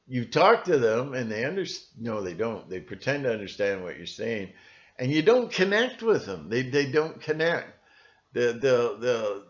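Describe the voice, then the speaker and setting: A man talks on his own in a loose, wandering monologue. His voice sits at an ordinary middle pitch. He keeps halting on fillers and repeated words, and the recording sounds dull and lo-fi. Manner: halting, with many fillers and restarts. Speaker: channel host. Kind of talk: rambling solo monologue.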